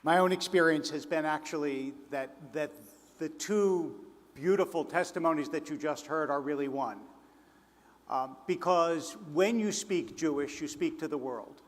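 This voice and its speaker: A man from Philadelphia speaking on a conference panel, telling anecdotes in a measured way. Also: fairly high pitch. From Philadelphia, United States. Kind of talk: public address at a conference. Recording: reverberant conference hall.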